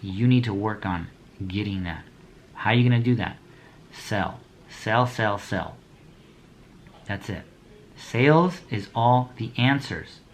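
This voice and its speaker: A man's voice: on the low side, expressive, takes it slowly, long pauses, a little hiss or hum. Blunt, preachy young man with street slang. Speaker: motivational speaker. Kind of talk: motivational talk to business owners.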